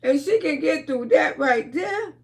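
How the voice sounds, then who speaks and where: Loud laughing woman livestreamer. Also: high-pitched, expressive, unhurried. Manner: loud, laughing, storytelling with lots of cursing. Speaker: livestream host. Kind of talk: casual livestream commentary.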